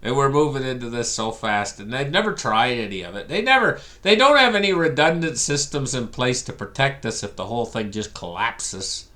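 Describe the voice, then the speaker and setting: Bright, animated ranting man. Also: medium pitch, normal speed, hardly any pauses. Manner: animated, storytelling, sarcastic. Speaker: commentator. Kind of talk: ranting monologue.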